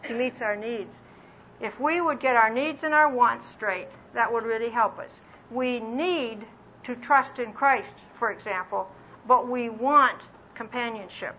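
A woman teaching a Bible lesson as a sermon, earnest and slowing down to stress key phrases, acting out little quoted voices with self-deprecating humor. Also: on the high side, bright, forceful tone. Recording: dull lo-fi recording with faint background hiss.

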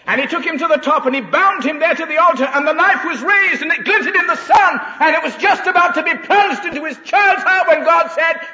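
A man's voice: extremely high pitch, brisk, hardly any pauses, sharp tone. A man preaching a sermon, retelling scripture dramatically and emphatically in an echoing hall. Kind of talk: expository sermon. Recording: echoey hall, dull lo-fi sound.

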